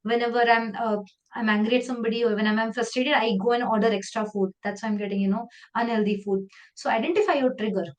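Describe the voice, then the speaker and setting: A woman with an Indian English accent leading a live online training session, talking in a lively, conversational way and slipping into Hindi phrases. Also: a little high, fast talker, lo-fi sound.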